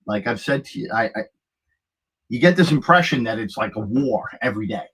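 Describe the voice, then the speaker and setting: Guest, middle-aged man, husky voice, animated storyteller acting out quotes. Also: mid-range voice, fairly quick, low-quality recording. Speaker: guest, lifeguard. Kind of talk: casual conversational storytelling.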